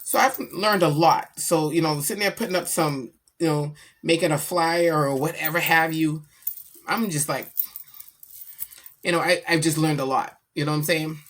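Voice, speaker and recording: Animated lower-voiced mother venting. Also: moderate pace. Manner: animated, slangy storytelling. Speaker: vlogger, mother. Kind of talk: casual chat.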